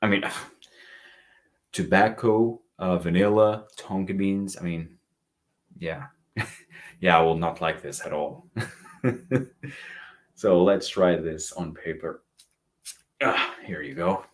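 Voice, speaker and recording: Very low-voiced man reviewing fragrances. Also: fairly even intonation, slow pace, pauses often. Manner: chatty, reads live chat comments aloud. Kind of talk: casual livestream review.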